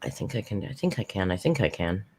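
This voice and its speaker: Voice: low voice, big pitch swings, fast, slight background noise. A commentary channel host recapping a livestream in a chatty, sarcastic tone, with mocking asides.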